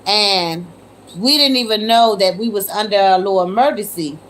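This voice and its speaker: A woman's voice: medium pitch, normal speed, fairly bright tone, slight background noise. A woman hosting a casual livestream from her phone, chatting with viewers and calling them y'all, given to disbelieving exclamations. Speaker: livestream host. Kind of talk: casual live chat with viewers.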